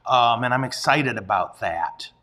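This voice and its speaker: Priest guy chatting on a livestream, mid pitch, jokey, laughs at himself a lot. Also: animated, measured pace, bright, forceful tone. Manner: playful, self-deprecating, chuckles often. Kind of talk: casual livestream chat.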